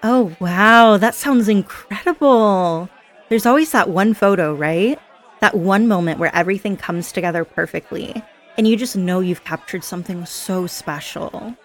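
A woman's voice: mid-range voice, unhurried, a faint crowd, lightly acted. A woman playing a chatty, giggly party girl. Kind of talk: scripted audio role-play.

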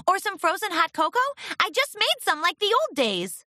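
A woman voicing a nervous, secretive young female pony who once was a spy, trying to sound calm in a storybook reading. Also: sits high, normal speed, dry recording, studio quality, voice pushed up, full character voice. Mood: tense. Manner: tense, eager to please.

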